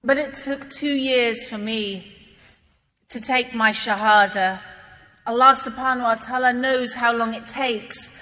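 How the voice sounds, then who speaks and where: A woman's voice: on the high side, fairly even intonation, a little slow, pushed and bright, in a large hall. A woman giving an emotional religious talk, telling a personal story in an earnest, heartfelt way.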